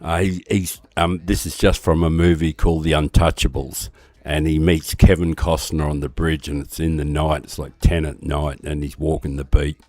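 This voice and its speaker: A man's voice: rumbling low, level tone, moderate pace, few pauses, darkish tone, no room sound. An older Australian man with a wheezy voice and false teeth, rambling and swearing casually through game commentary. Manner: rambling, profane, chatty. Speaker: game streamer.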